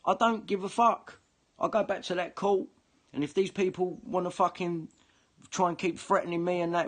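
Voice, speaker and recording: A man's voice: high-pitched, fairly even intonation, normal speed, fairly bright tone. A man ranting to camera, swearing heavily and combative, often repeating himself. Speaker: online video commentator. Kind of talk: angry ranting monologue to camera.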